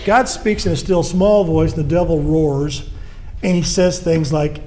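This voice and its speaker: Guy preaching, earnest, high voice, does little voices for quotes. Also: steady tone, unhurried, darkish tone, a little hiss or hum. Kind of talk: sermon.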